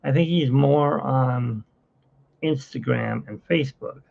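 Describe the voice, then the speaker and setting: A man's voice: medium pitch, slow pace, vocal fry. A man hosting a casual livestream from his phone, rambling and chatty with frequent laughs, in dull lo-fi phone audio. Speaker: livestream host.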